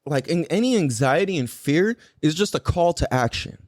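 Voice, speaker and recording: Male podcast host, casual and profane, loose rambling delivery; slightly high pitch, dry mic. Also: animated, normal speed, no echo. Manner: rambling and heavily profane, full of "like" fillers. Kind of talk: casual chat.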